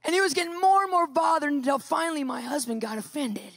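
A woman telling a personal story in a sermon, lively and animated, acting out what people said. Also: high voice, quick pace, no echo. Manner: lively, animated storyteller who acts out quotes. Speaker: Christian speaker.

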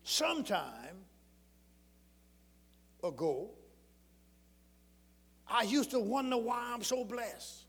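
Male preacher, bright and piercing tone, folksy sermon storyteller who swings from hushed to shouting. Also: very high-pitched, sing-song, very slow, long pauses, breathy edge, long reverb tail. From rural Southern United States. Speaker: pastor.

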